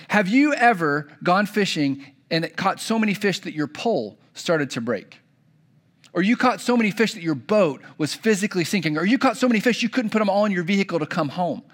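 A man's voice: high voice, big pitch swings, normal speed, fairly bright tone. A young adult man preaching a sermon to kids, telling a story and acting out the characters' lines. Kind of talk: children's sermon.

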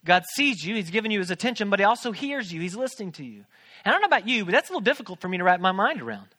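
A man in his thirties, a pastor, preaches a sermon from a church stage with a high-pitched, very animated voice. His delivery is rapid-fire, bright and forceful, and he keeps it conversational and joking, tossing questions to the congregation.

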